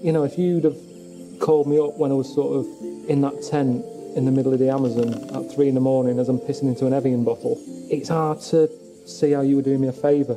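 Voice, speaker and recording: A man moaning in a deadpan, glum way about his travels, talking to camera and to his friends. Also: mid-range voice, quick pace. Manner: glum, grumbling, deadpan complaints. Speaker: travelling presenter. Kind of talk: documentary monologue and chat. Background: music.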